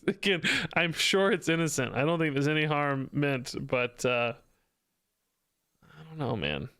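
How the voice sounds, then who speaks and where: A man's voice: a little high, animated, measured pace, a bit bright, clean tone. A young man streaming a card game, chatting to his viewers in a loose, self-mocking way and laughing often. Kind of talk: casual gameplay commentary.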